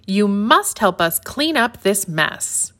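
Eager lil girl from a kids story, bright n bouncy, woman doing her voice. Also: medium pitch, big pitch swings, takes it slowly. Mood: scolding. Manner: raised, eager, scolding. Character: bold young girl in a storybook. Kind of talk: children's story read-aloud.

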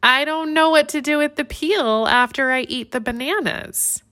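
A woman voicing a naughty, giggly young male monkey in a children's story, high and squealing. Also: normal speed. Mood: cheeky. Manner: high, loud, squealing and laughing. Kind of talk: children's story read-aloud.

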